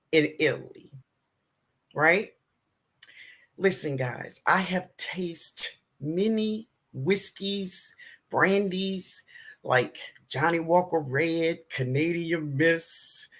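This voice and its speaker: A woman with a New Orleans accent hosting a casual livestream, greeting viewers warmly and chatting with frequent laughs. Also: fairly low pitch. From southern United States. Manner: warm, chatty, calls viewers baby, laughs often. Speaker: gardening livestream host. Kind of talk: casual live-stream chat greeting viewers.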